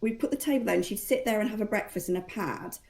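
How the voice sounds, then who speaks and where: A woman chats in a casual podcast conversation. She tells self-deprecating stories about parenting. Her voice has a soft, mellow tone. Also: medium pitch, fast, vocal fry. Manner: chatty, self-deprecating storyteller. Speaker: mother and guest.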